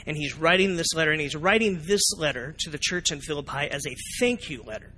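Bright-voiced pastor preaching. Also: male voice, a little high, quick pace, slight background noise. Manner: animated, asks the congregation questions, acts out reactions. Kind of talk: sermon. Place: church sanctuary.

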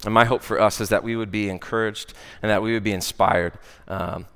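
A man's voice: lowish voice, fairly even intonation, brisk, creaky, fairly bright tone, smooth. American man preaching in a reverberant hall. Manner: conversational, many "uh" fillers and "right?" asides. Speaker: worship director preaching. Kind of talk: sermon with personal story. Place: church or worship hall. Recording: long church-hall reverb.

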